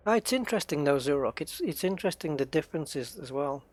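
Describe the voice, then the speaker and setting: A man's voice: fairly high pitch, animated, fast, darkish tone. A man with an English accent, a game streamer chatting casually with viewers during a live stream and musing aloud as he plays. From United Kingdom.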